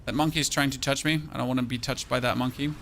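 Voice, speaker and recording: A man from Germany with a German accent, chatting casually with his live-stream chat while gaming, self-mocking and quick to exclaim. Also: medium pitch, fairly even intonation, vocal fry, a bit bright, a little hiss or hum. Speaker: game streamer.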